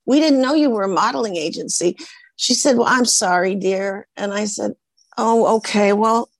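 A woman's voice: mid-range voice, moderate pace, gravelly, breathy edge, no echo, low-quality recording. A woman over sixty from the United States, a guest actress telling stories in an interview and acting out the voices of the people she quotes. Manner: animated, acts out quoted voices in her stories. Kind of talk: conversational storytelling in an interview.

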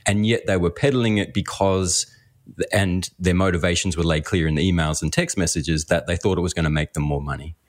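A man co-hosting a podcast as the economist, explaining things in a relaxed, halting way with frequent murmured agreement. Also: deep voice. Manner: explanatory, hesitant fillers, frequent mm. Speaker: economist co-host.

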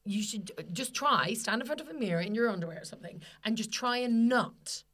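A woman's voice: on the high side, lively intonation, brisk, a bit bright. A woman co-hosting a podcast, chatting casually and emphatically, swearing freely. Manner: sweary, emphatic, laughs often. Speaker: podcast co-host. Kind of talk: casual chat.

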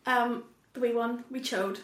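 A woman's voice: a little high, steady tone, unhurried. Giggly young woman, echoey room. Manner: playful, giggly, jokey. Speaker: podcast co-host. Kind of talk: casual chat.

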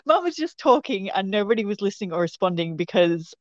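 A woman's voice: mid-range voice, very animated, brisk, no room sound. A woman guest telling a story in a chatty way. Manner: chatty, laughs while talking. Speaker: guest recounting a sighting. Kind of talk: casual storytelling. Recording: dull, lo-fi, dry sound.

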